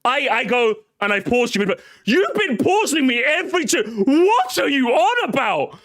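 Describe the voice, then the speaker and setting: Sarcastic streamer, lively high voice. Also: male voice, normal speed, few pauses. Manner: sarcastic, mock-dramatic, swings between loud and mumbled asides. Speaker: streamer reacting to a video. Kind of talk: casual live-stream reaction.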